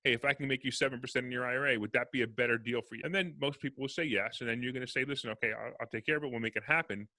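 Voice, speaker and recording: A man's voice: mid-range voice, no room sound. A man, a real estate investor, telling stories in a casual podcast interview and acting out the dialogue. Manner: fast, animated storyteller acting out dialogue.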